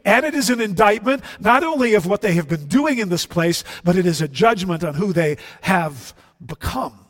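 A man preaching a sermon, animated and acting out the voices of biblical figures, with frequent repeated words. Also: sits high.

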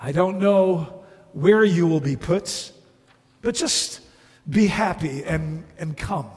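A man voicing a gentle, patient male heavenly spirit who speaks softly and coaxingly. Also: a little high, slow pace, big-room sound.

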